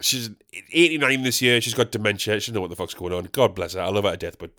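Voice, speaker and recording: A young man hosting a solo comedy podcast, goofy and animated, swearing freely as he rambles. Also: fairly low pitch, fast. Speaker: podcast host.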